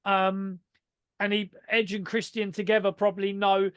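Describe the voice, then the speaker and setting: A man with a notably high voice chats on a podcast in a very dry, close-miked sound. He is animated and sweary, piling on fillers. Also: moderate pace, clear, resonant tone, no room sound. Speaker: podcast co-host. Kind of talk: casual chat.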